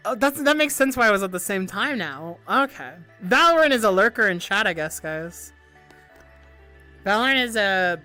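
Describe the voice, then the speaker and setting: A young woman streamer chatting casually with viewers, animated and giggly, swearing often and stumbling over restarts. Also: mid-range voice. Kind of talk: casual livestream chat.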